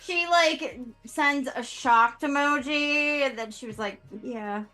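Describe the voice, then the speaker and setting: Slow, bright-voiced giggly woman. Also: high-pitched, faint music behind. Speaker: player. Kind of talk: casual chat at a game table.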